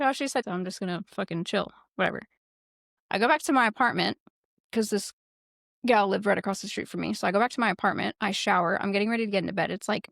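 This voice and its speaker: Gravelly-voiced woman telling profane stories. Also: medium pitch, no room sound, clean studio sound. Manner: profane, animated storytelling. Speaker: podcast co-host. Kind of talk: casual podcast chat.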